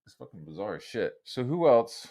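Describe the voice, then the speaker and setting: A man's voice: medium pitch, very animated, fairly quick, dark tone. A young man streaming a solo rant, swearing constantly and mocking his critics in a heated, sarcastic way. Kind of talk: profane rant.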